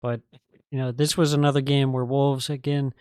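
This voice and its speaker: A man's voice: medium pitch, moderate pace, smooth, dry recording, studio quality. Man recapping football matches casually. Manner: relaxed recapping with fillers. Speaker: podcast co-host.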